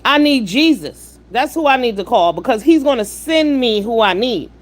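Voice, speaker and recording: A woman's voice: fairly high pitch, lively intonation, normal speed. A woman hosts a live stream, blunt and profane, firing off rhetorical questions and lecturing her chat. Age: 50s. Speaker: livestream host. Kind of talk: live-stream commentary with chat shout-outs.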